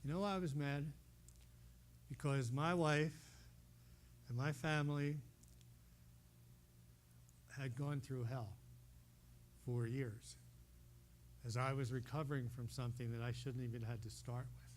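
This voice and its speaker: A man telling a healing testimony to a congregation in a meeting room, talking straight to his listeners as an animated storyteller. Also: medium pitch, a little slow, pauses often, slight background noise. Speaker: speaker sharing a healing testimony. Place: meeting room holding about a hundred people.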